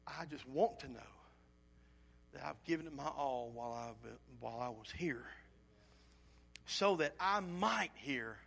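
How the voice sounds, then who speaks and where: With a gravelly, mid-range voice, a man preaches a little slowly and leaves long pauses. He tells a personal story in an earnest, emotional way, animating it by acting out his own asides.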